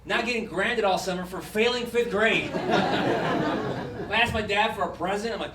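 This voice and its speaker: High-voiced man doing stand-up in a noisy club. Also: a little slow. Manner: rambling, wry storytelling with laughs. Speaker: stand-up comedian. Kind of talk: stand-up comedy set. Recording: roomy, distant mic with loud background noise.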